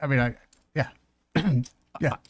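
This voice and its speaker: A man co-hosting a radio talk show, teasing the host with quick quips. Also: mid-range voice, dry recording, studio quality. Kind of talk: casual studio banter.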